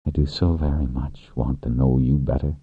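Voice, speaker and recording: A man voicing a passionate young wing leader who speaks earnestly and gently, with intense warmth toward his partner. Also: very deep voice, little pitch movement, normal speed, husky, dry recording, full character voice. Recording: tinny phone-like, dry.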